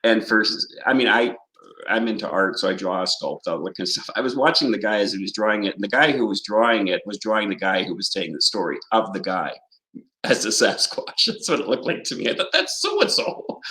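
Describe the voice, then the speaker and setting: A man's voice: on the low side, expressive, brisk, sharp tone, rough recording. Rambling, laughing Canadian man on a video call. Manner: rambling, laughs often, jokey. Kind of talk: casual chat on a video call.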